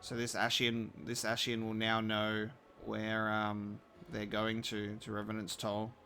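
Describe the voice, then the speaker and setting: Gravelly man with a mixed Australian-British accent. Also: on the low side, measured pace. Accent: blend of Australian and British. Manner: relaxed, chatty, reacting to the game and to chat. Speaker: game streamer. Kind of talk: casual live-stream chat. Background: faint game music.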